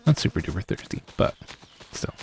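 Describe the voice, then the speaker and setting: Slow, gravelly game streamer man. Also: fairly low pitch, dark tone, a little hiss or hum. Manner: rambling, self-deprecating, chuckles often. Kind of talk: casual live-stream chat while playing.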